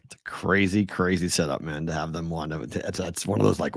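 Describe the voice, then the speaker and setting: Joking Boston-accented sports radio host. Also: male voice, deep voice, normal speed, gravelly, a little mellow, breathy edge, dry recording, clean studio sound. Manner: playful, jokey, swears casually. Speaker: sports betting show host. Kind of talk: casual sports talk banter.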